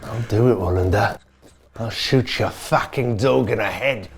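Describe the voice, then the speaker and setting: A man playing a menacing villain in a spoof crime drama, with a threatening, gravelly delivery. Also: lowish voice, a little slow, faint music behind, pitched below the performer's own voice.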